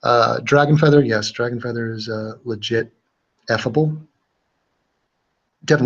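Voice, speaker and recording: On a livestream, a man with a mid-range voice reads out chat comments and chats casually. He rambles and jokes, full of fillers and restarts, and the sound is lo-fi.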